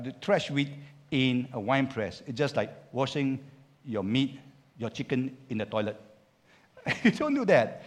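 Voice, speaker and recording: A male pastor preaching a sermon, swinging from loud urging to quiet asides and acting out biblical speech. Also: on the high side. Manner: animated preaching with big swings in loudness, urging the congregation to repeat lines; acts out biblical characters' speech in quotes.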